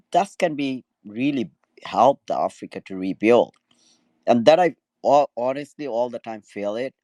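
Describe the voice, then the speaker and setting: Male radio caller, hesitant, low voice, dry sound. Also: darkish tone, no room sound. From Asia. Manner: hesitant, halting, many restarts. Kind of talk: phone-in caller.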